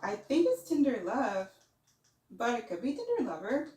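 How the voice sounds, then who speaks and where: A woman's voice: a little high, huge pitch swings, moderate pace, darkish tone. A woman hosting a casual livestream, reading viewer messages aloud and musing on them. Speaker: livestream host. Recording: roomy echo.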